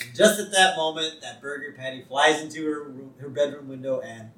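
A man's voice: medium pitch, fast, few pauses, fairly bright tone, far from the mic. A man co-hosting a podcast, narrating cartoon scenes with quoted lines and easy laughs. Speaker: podcast co-host. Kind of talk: casual chat recapping a cartoon episode. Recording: roomy sound, a bit off mic.

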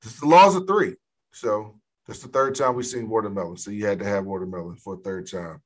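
Speaking fairly quickly in a fairly low voice, this podcast co-host walks through a film one scene at a time in relaxed chat. His storytelling is full of laughter and profanity.

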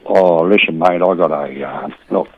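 Rambling Australian bloke saying "mate" constantly. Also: male voice, deep voice, normal speed, phone-quality sound. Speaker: boxing community volunteer, interview guest. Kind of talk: casual interview chat.

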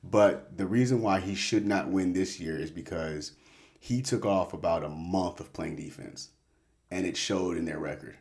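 On his casual sports talk show, this podcast host gives his picks in a low-pitched, darkish voice at normal speed. He keeps things relaxed, curses freely, and cuts himself off mid-thought.

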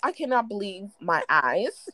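A young woman spins gossip stories on a casual podcast, her voice leaping high and low as she acts out everyone's lines. The sound is dry and close, with no room around it. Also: sing-song, a little slow, bright, forceful tone, no echo. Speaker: podcast co-host. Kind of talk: casual chat, storytelling.

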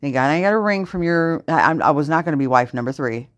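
A low-pitched woman rants into a dry, close microphone on her solo podcast. She swears constantly and swings between tired sighs and sharp sarcastic jabs. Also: animated, no room sound. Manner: profane, fast-shifting, venting with heavy swearing. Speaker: podcast host. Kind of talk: unedited solo podcast rant.

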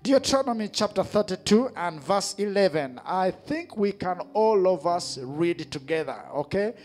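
A man preaching a sermon in church on a handheld mic, leading call-and-response and rising to shouts. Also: high voice, animated, normal speed. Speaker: pastor.

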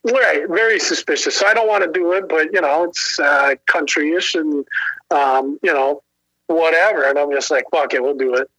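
Male storyteller, higher-pitched and bright, casual and cussing, acts out the quotes. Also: normal speed, dry recording, rough recording. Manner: profane, animated, laughs often, acts out quotes.

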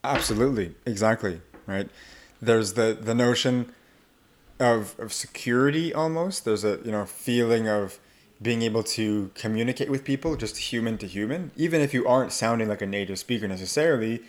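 A man's voice: medium pitch, moderate pace. A man who works as an accent coach, talking casually in an interview and acting out the voices of people he quotes. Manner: animated, acts out quoted voices.

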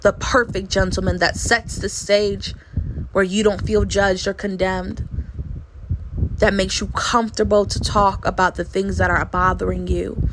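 A woman's voice: mid-range voice, level tone, unhurried, background noise. A woman in her late twenties giving an earnest devotional sermon, repeating key phrases for emphasis. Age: late 20s. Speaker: Christian speaker.

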